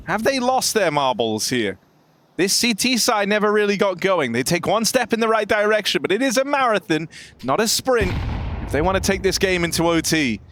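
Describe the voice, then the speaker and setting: A man calls a pro esports match, tossing in puns and jokes between the action. His voice sits a little high and swings widely in pitch. Gunfire and game sounds play clearly behind him. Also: big pitch swings, normal speed, a bit bright, a little hiss or hum. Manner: playful, punning and joking between calls. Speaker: esports caster. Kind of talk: live game commentary.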